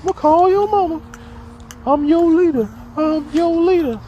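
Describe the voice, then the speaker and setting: A man voicing a gruff chain-smoking older male schoolteacher, barking the same phrases over and over in a squeaky, dead-serious way. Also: a little slow, dull audio, slight background noise. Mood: bossy.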